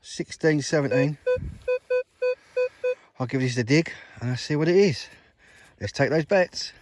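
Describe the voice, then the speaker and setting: Loud music plays over this noisy field recording of a middle-aged man with an English West Country accent. Metal detecting in an open field, he chats to viewers as mate and guys in a mid-range voice with lively intonation at a moderate pace.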